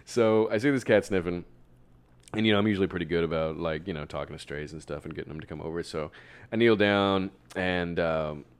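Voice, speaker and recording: A man's voice: sits low, brisk, smooth. A young man telling a rambling, profane story in casual chat, laughing and slipping into put-on voices.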